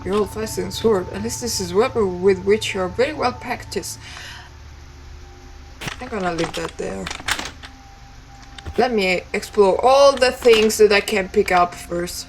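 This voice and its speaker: A woman's voice: medium pitch, unhurried, pauses often, background noise. A woman, a native Italian speaker, playing a text game and reading its lines aloud with chatty, playful asides. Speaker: let's play streamer.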